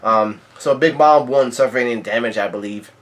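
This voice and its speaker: A man's voice: medium pitch, moderate pace, slight background noise. Laid-back man reading through a comic. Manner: reads quoted lines in the same plain, level voice as the narration. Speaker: manga reader and commentator. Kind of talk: casual manga read-through with commentary.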